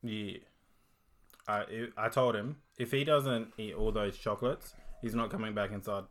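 An Australian man co-hosting a casual podcast, telling stories and teasing in a joking, deadpan way. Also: lowish voice, unhurried. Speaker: podcast co-host.

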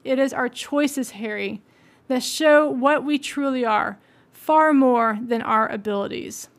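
Calm wise old wizard headmaster, read by a woman, high voice, even storybook reading. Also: takes it slowly. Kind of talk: audiobook-style reading aloud.

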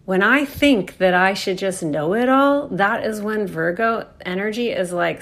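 A woman's voice: mid-range voice, normal speed, creaky, hardly any pauses. A woman giving a reflective, earnest spiritual talk about astrology, casually swearing and acting out inner voices. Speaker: astrology speaker.

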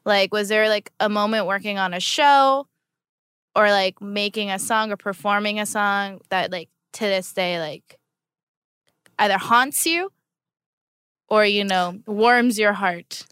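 A woman's voice: mid-range voice, unhurried, fairly bright tone, clear, resonant tone, dry recording, studio quality. A woman co-hosting a podcast, asking teasing questions and laughing easily. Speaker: podcast co-host. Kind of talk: casual chat.

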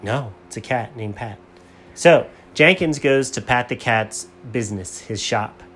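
A man's voice: medium pitch, measured pace, fairly bright tone, slightly rough. A man improvising a playful bedtime story for his child. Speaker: father telling a bedtime story.

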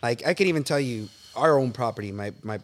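A man tells stories from his life as a guest on a relaxed interview show. He talks in an animated, swearing way and keeps calling the listener bro and dude. His voice sits at an ordinary middle pitch. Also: fast. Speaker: podcast guest. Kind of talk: casual storytelling interview. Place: real estate office.

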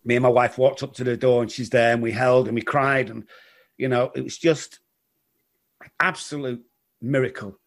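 A middle-aged man telling his recovery story in an interview, earnest and halting, often repeating words. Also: medium pitch, steady tone. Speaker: guest in recovery.

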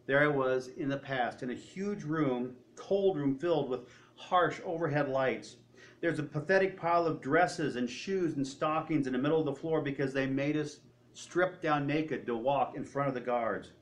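Man preaching, telling a story quietly. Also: medium pitch, normal speed. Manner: retelling a story with quoted speech, often trailing off quietly. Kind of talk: sermon storytelling.

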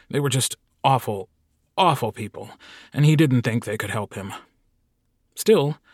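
A man narrating a comic short story audiobook in a wry, deadpan manner. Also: mid-range voice, no room sound, studio quality. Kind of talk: scripted narration.

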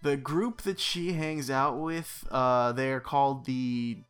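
A man's voice: medium pitch, steady tone, slow pace, fairly bright tone, clear, resonant tone, faint music behind. A man casually recapping a movie on a podcast, rambling with many fillers and dropping wry, sarcastic asides. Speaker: podcast co-host. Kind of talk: casual film recap chat.

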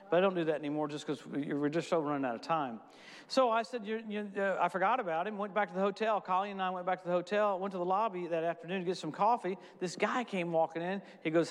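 High-voiced male preacher in a reverberant hall. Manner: casual storytelling, quick asides. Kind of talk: sermon with testimonies.

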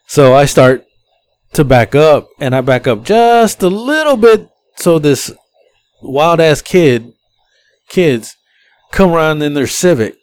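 A man's voice: fairly high pitch, slow, pauses often, smooth, dry recording. Profane man telling a story. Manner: profane, animated, acts out the people he quotes. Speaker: podcast host. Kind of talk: casual storytelling.

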